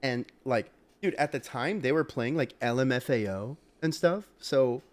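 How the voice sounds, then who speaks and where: Young male podcast co-host, casual, gets loud and animated mid-story. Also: medium pitch, moderate pace.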